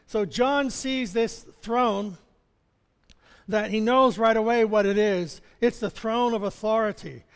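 A man's voice: sits high, takes it slowly, gravelly, clean tone. A male chaplain preaching a sermon in a loose, conversational way, chuckling often and stumbling into restarts. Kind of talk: sermon with personal stories. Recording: long hall reverb.

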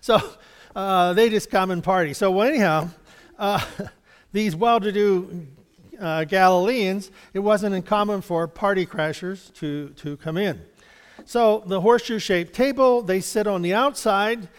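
A man's voice: high voice, a little slow, clear, resonant tone, in a large hall. A man giving an informal Bible study, chatty and rambling, chuckling often and acting out little exchanges. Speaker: Bible teacher.

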